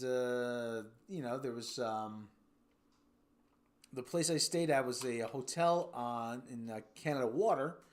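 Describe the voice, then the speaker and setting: An American man hosting a livestream, chatting casually and reading viewer comments, rambling with restarts and putting on silly voices. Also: medium pitch. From United States. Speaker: livestream host.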